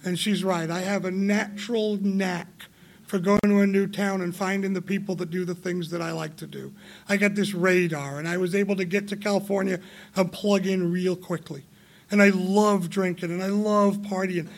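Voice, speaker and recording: A high-voiced man in his forties, originally from England, shares his recovery story before a meeting. His telling is candid and rambling, full of laughs and sudden emphatic swings. His tone sits noticeably high for a man. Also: fairly even intonation, normal speed.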